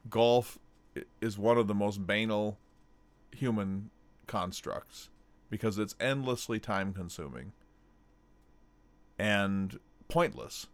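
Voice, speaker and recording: Hesitant Midwestern man, radio host. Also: lowish voice. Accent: General American Midwestern. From North Dakota. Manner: hesitant, with a slight catch in the voice. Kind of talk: radio talk show conversation.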